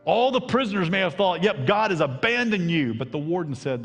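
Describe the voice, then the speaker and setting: Impassioned Southern preacher in a reverberant church. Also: male voice, high voice, lively intonation, a little fast, breathy edge. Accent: Southern American. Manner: impassioned preaching, swings from loud to hushed. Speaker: pastor. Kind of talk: sermon. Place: church sanctuary. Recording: long hall reverb, faint music.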